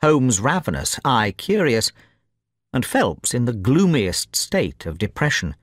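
A man narrating an audiobook in a clear, measured reading pace meant for language learners. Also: medium pitch, big pitch swings, no echo, studio quality.

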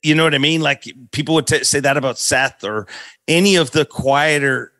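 A middle-aged man hosting a podcast, telling an animated story with laughs as he talks. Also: a little high, moderate pace, no echo. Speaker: podcast host. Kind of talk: casual storytelling chat.

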